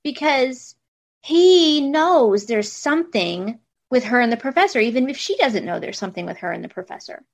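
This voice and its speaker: A woman hosting a casual book discussion, talking in an animated way, thinking aloud and laughing easily. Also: a little high, moderate pace. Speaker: podcast host.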